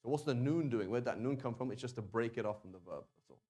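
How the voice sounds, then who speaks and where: A man teaching a language class in a relaxed, chatty way, often stopping to sound out words slowly and restarting sentences. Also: mid-range voice. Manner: casual, conversational, with many fillers and restarts. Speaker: Arabic teacher. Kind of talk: classroom lesson.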